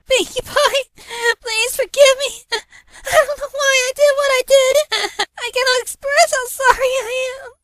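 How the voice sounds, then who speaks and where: A man doing Rainbow Dash, tearful high pony girl. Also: fairly even intonation, measured pace, few pauses, sharp tone, no room sound, full character voice. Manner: high strained falsetto, tearful pleading. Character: remorseful tomboyish female cartoon pony. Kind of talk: fan fiction read aloud.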